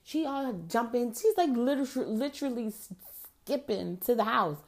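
A middle-aged woman hosting a show, telling a personal story in casual chat, frank and profane, getting animated when riled up. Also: a little high, normal speed, slight background noise. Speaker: podcast host.

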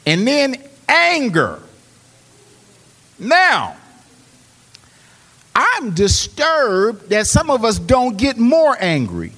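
A man preaching a sermon. He swings between hushed, quick storytelling and loud, rising exhortation. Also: very high voice, huge pitch swings, long reverb tail. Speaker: pastor. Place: church.

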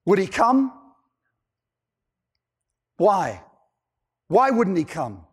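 High voiced male pastor preaching, lots of questions at the crowd, repeats himself for punch. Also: very animated, slow, pauses often, slightly rough. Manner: rhetorical questions, emphatic repetition. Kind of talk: sermon.

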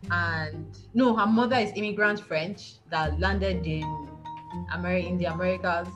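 A woman's voice: on the low side, moderate pace, muffled recording, faint music behind. A woman from Nigeria co-hosting a podcast, chatting casually and animatedly about books, laughing often and repeating words for emphasis. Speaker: podcast co-host.

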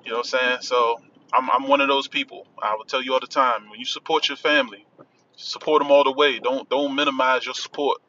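A man's voice: medium pitch, fairly even intonation, fairly quick, pushed and bright, muffled recording. A man with a Washington, D.C. accent hosting a podcast from inside his car, chatting loosely and repeating himself. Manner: loose, repetitive, keeps saying "man". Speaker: podcast host. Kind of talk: casual promo chat. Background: faint vehicle noise.

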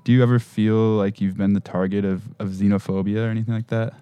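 Male interviewer, low flat delivery, dark voice, dry close mic. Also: fast talker, smooth, no room sound. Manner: steady, prompting questions, soft "mm-hmm"s. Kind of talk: podcast interview.

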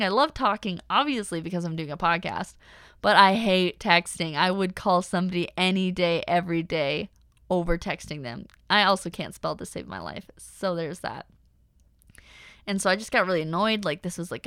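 A woman's voice: on the low side, a bit bright, smooth, no room sound, clean studio sound. A young woman hosting a personal podcast, talking candidly and animatedly with many fillers. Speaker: podcast host.

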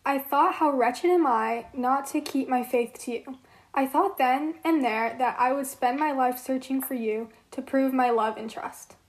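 A woman's voice: sits high, a little slow. A woman voicing Psyche, a young mortal woman, in an amateur read-aloud role-play, reading her lines earnestly.

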